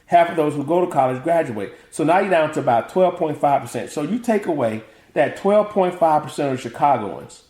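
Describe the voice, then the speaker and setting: A man's voice: on the high side, fairly quick, few pauses. A middle-aged man from the American South, chatting as an interview guest and acting out family quotes with frequent laughter. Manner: animated, acts out family quotes, laughs often. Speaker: guest, author and motivational speaker. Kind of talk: casual interview chat, storytelling. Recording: echoey room.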